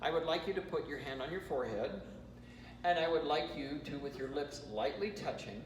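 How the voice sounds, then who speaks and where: An American man leading a choir rehearsal warm-up, giving chatty instructions with joking asides. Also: fairly high pitch, brisk. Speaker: choir vocal coach. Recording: roomy hall, from far off, noisy.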